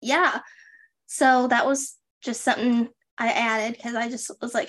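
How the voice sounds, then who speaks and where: A woman's voice: a little high, little pitch movement, measured pace, fairly bright tone. Chatty young woman podcast host. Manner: chatty, trails off and restarts, lots of "like". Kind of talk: casual chat.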